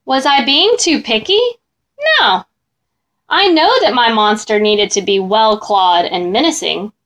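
A woman narrating a children's story with great expression. Her voice is high and swoops widely, and she takes her time over each line. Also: a little slow. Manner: expressive, animated.

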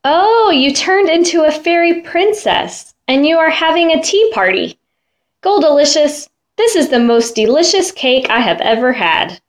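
A woman voicing an excitable, imaginative little girl in a storybook reading, with a squealing, gushing manner. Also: high voice, unhurried, voice pushed up. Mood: excited.

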